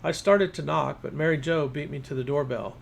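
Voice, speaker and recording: Gravelly male storyteller. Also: on the high side, fairly quick, a little hiss or hum. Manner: first-person storytelling. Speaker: narrator. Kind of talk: reading fiction aloud.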